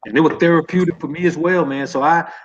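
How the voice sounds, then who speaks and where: Casting: slightly high-voiced man, relaxed guest, lo-fi muffled call audio. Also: quick pace, slight background noise. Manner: laid-back, ends phrases with "man". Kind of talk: casual chat.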